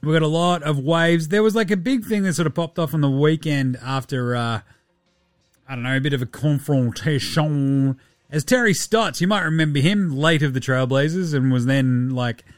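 An Australian man hosting a sports podcast on his own, with a voice pitched a little high for a man. He rattles along loosely, swears freely and keeps breaking into laughter. He is recorded close on a dry mic, with faint music underneath. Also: moderate pace, no room sound. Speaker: podcast host. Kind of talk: casual solo sports podcast.

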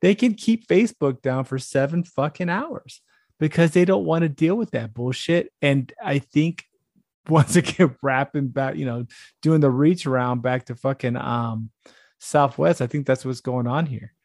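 A man's voice: medium pitch, measured pace, a little mellow, dry recording, clean studio sound. A man co-hosting a podcast in casual, profane banter, riffing and laughing as he talks. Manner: riffing, laughing, mimics voices in quotes. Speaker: podcast co-host.

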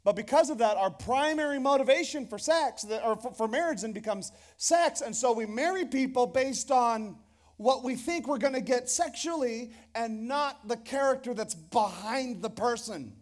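A man's voice: extremely high pitch, moderate pace. A man preaching a sermon to a church congregation, casual and joking, often restarting his phrases. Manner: conversational and joking, with repeated restarts. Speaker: pastor. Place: church hall before a congregation.

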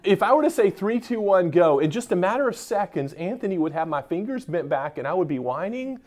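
A man's voice: high-pitched, big pitch swings, fast talker, darkish tone. Joking man giving a conference talk. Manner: joking and interacting with the audience. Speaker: conference speaker. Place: conference room with a live audience.

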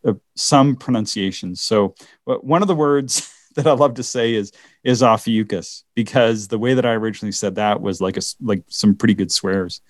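This is a low-voiced male podcast co-host from the Canadian Maritimes, speaking at an ordinary pace in relaxed conversation. His speech is hesitant, full of laughs and sentences he stops and begins again. The sound is clean studio quality with no echo.

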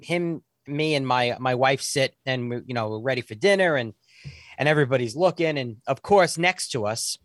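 A man's voice: medium pitch, dry recording. Man in his forties, dry close sound. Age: 40s. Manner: animated storyteller with frequent stammered restarts. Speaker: guest telling a story. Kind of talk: casual anecdote telling.

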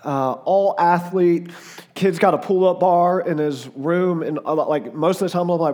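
A man in his forties with a Southern US accent, a guest preacher telling casual, joking stories about his family with a hoarse, fading voice. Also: high voice, unhurried, darkish tone. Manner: chatty and joking, lots of "like" and "uh". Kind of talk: casual storytelling before a sermon.

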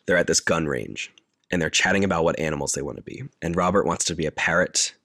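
Man, very low voice, casual film recap, lots of likes and ums, dry close sound. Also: fast talker, fairly bright tone, dry recording. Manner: rambling, full of "like" and "um".

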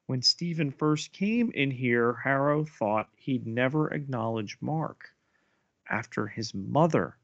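Guy recapping a tv episode on a podcast, slow steady delivery, dry close mic. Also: medium pitch, dry recording, highs cut off. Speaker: podcast co-host.

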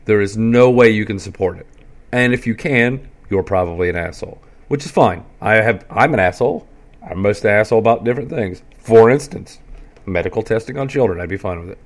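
Male podcast host, lowish voice, rambling sarcastic monologue, crude and full of filler. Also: moderate pace. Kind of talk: casual profane monologue.

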